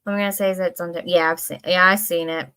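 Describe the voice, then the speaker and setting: A woman with a fairly low, steady voice talks fast in a sharp, clear, resonant tone while hosting a casual livestream. She rambles expressively from one thought to the next, dropping the occasional casual swear, and now and then reads her chat's comments aloud.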